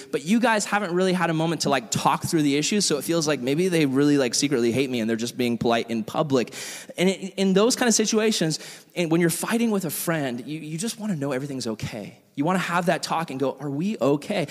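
A pastor preaching a conversational sermon, telling stories and quoting the people in them. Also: male voice, on the high side. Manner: conversational storytelling with quoted voices. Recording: long hall reverb.

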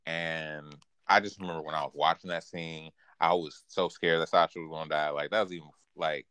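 Deep-voiced man in lively casual chat. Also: a little fast, clear, resonant tone, no room sound. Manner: animated, laughs often, quotes characters in raised voice. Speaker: podcast co-host. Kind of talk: casual anime recap chat.

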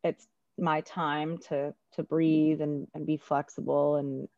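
A woman's voice: low voice, flat delivery, slow pace, no echo. A woman chatting reflectively and casually, with plenty of filler words. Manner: reflective, many fillers like "like" and "you know". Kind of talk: casual conversation. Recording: dull lo-fi sound, dry.

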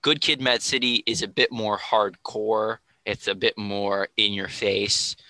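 A man's voice: on the low side, steady tone, measured pace, sharp tone, dry recording, rough recording. A man in a casual podcast conversation, explaining rap to the host in a thoughtful way. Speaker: guest explaining rap music.

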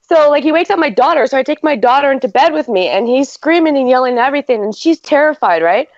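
A woman's voice: high-pitched, lively intonation, fast, no echo, lo-fi sound. A woman and mother, telling a story in casual chat, rambling with lots of "like" and swearing.

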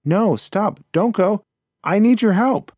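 A small, anxious young mouse from a storybook, pleading eagerly and politely, as a man puts him on. The voice sits well up high and sounds tight and urgent. The recording is dry and close. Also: big pitch swings, measured pace, a little mellow, dry recording.

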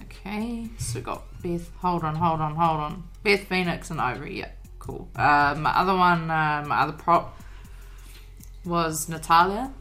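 A woman's voice: low voice, measured pace, a bit bright, faint music behind. A woman co-hosting a casual chat, laid-back and jokey, often laughing. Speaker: podcast co-host.

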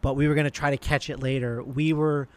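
A man's voice: mid-range voice, flat delivery, a little fast, a little mellow. A man telling a casual anecdote, rambling along with many restarts and fillers.

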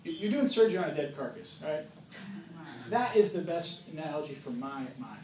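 Fairly high and sing-song, this male preacher talks briskly in a slightly mellow tone. His informal sermon to a few people is chatty and full of jokes and acted-out voices, with frequent "right?" questions. Background noise and a roomy, far-off sound fill the recording.

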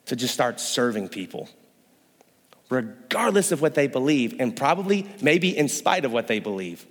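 A young man preaching a sermon in a church, joking playfully and acting out voices. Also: on the high side. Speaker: pastor. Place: church hall. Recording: long hall reverb.

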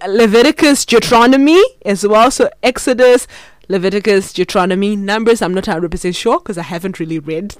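A speaker giving a casual solo Bible study, thinking aloud, stumbling over hard words and breaking into excitement now and then. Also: medium pitch, no echo. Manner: bursts of excitement.

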